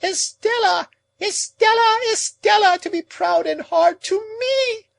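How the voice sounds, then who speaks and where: A man's voice: extremely high pitch, very animated, slow, darkish tone, no echo, pitched above the performer's own voice, exaggerated voice. A man playing a shrieking, anguished old woman. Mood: frantic. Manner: moaning, wailing, overwrought.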